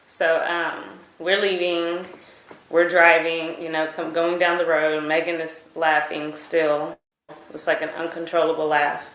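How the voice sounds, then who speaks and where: Low-ish woman voice, lots of ums, telling what happened, roomy echo. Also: level tone, a little slow, fairly bright tone. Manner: hesitant, many fillers, retelling events. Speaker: witness giving a statement. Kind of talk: recorded statement to prosecutors. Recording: echoey room recording.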